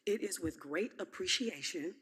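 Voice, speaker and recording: A woman's voice: lowish voice, lively intonation, moderate pace, a bit bright, breathy edge. A woman speaking at a public comment podium, earnest and heartfelt, with frequent "um"s.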